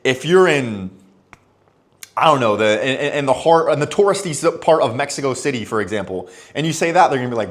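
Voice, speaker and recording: A man's voice: mid-range voice, expressive, brisk. Chatty young man giving casual advice. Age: young adult. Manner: chatty, loose and conversational, acts out little dialogues. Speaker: expat vlogger.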